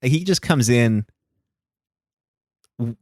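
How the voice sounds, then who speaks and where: A man's voice: medium pitch, animated, drawn-out words, no echo. A man who is a comedian guest on a podcast, chatting casually with dry, wry jokes. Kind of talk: casual chat.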